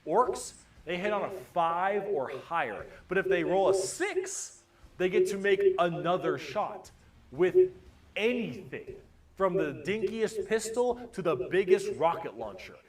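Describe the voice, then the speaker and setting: A man's voice: sits high, sing-song, a little slow. A man giving a casual, profane, jokey explainer in a rambling way. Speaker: video explainer.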